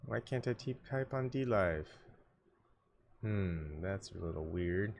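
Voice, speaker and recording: A man hosting a solo livestream, muttering his thoughts and asides to himself, often coughing and clearing his throat, on a desktop microphone at home. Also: low-pitched, lively intonation, slow, slight background noise. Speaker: livestream host. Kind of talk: rambling solo livestream chat.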